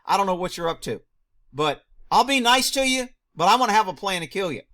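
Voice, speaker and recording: A man reacting to a news clip, firing off rhetorical questions, answering them himself and shouting mocking asides. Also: high-pitched, animated, fairly quick. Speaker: video commentator; former police officer.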